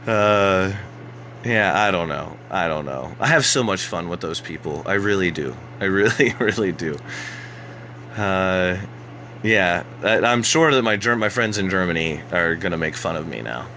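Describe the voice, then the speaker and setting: Deep-voiced man ranting sarcastically. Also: lively intonation, pushed and bright, a little hiss or hum, rough recording. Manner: sarcastic, mocking, halting restarts. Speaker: host of a political rant show. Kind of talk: live-stream rant.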